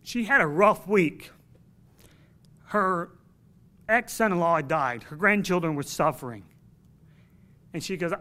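A man's voice: high-pitched, normal speed, pauses often, sharp tone. A man preaching a sermon to his congregation in an earnest, emphatic way, telling a personal story.

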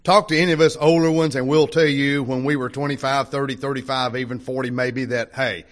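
A man's voice: mid-range voice, steady tone, a little fast. An older man preaching a sermon to a congregation in a folksy, conversational way, full of rhetorical questions. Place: church hall before a congregation.

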